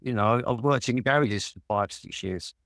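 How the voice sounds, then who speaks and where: A London man in his sixties telling lively stories as a guest in an interview, swearing freely. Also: on the low side, moderate pace, no echo, clean studio sound. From Walthamstow, London.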